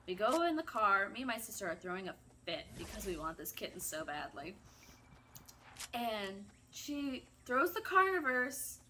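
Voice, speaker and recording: A woman telling a casual, animated story while playing a video game, chatty and theatrical. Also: mid-range voice. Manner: chatty, animated, self-described drama kid. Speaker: gaming streamer.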